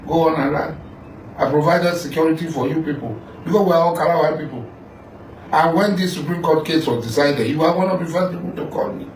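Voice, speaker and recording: A man's voice: a little high, brisk, slight background noise. A middle-aged Nigerian man delivering a confrontational statement, accusing and repeating himself as he talks straight at the listener. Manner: accusing, repetitive, addresses the listener directly. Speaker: political figure making a statement. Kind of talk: confrontational monologue. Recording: echoey room, voice far from mic, faint music.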